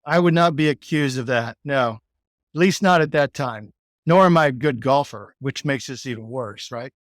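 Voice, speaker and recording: A man's voice: medium pitch, moderate pace, no echo, clean studio sound. A man with a Texan accent, a podcast guest telling a story in a loose, rambling way full of "like" and "you know". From Texas, United States. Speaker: podcast guest, sales executive. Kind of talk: casual storytelling interview.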